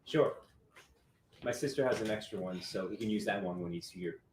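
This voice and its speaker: A man playing an insistent divorced father who is quick to anger, in acted drama dialogue. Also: fairly low pitch, close to an everyday voice. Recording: roomy with faint noise.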